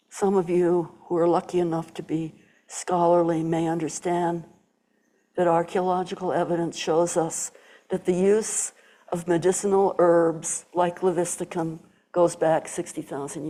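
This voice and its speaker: An older woman tells a personal story to a gathered audience, in a low and mellow voice. She acts out the voices of the people she quotes, and now and then drops to a whisper. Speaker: Zen teacher giving a talk. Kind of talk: storytelling dharma talk.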